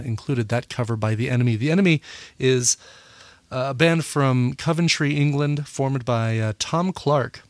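A man hosting a music podcast in a relaxed, casual way, often pausing with "uh" and correcting himself. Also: mid-range voice, no room sound. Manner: relaxed, full of "uh" fillers and self-corrections. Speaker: podcast host. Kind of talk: casual radio-style podcast chat.

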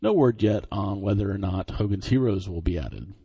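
Mellow, husky male tech-news host. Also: on the low side, expressive, normal speed. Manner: dry, joking commentary between scripted items. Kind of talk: reading tech news with wry asides.

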